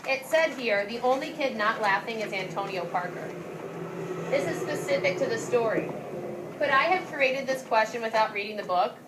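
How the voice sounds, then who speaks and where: A woman with a slightly high voice teaches a class at a moderate pace, explaining questions and reading a storybook aloud with animated character voices. The audio is very noisy, recorded from far off in an echoey classroom.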